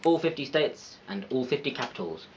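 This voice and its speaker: Playful man with a lively voice. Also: medium pitch, fairly quick, slight background noise. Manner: playful, chatty, self-mocking. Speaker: video creator. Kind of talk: scripted educational narration.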